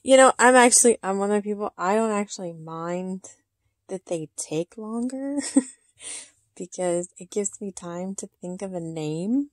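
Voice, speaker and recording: A woman's voice: mid-range voice, lively intonation, measured pace, dry recording. A woman unboxing a reborn doll on her channel, talking in a cooing baby-talk way and giggling often. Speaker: reborn doll collector and vlogger. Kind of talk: casual unboxing chat.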